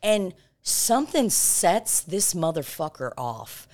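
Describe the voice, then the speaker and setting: A woman with a fairly low voice tells a story on a podcast. Her delivery is casual and animated, and she swears freely. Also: slow. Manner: animated and profane. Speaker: podcast host.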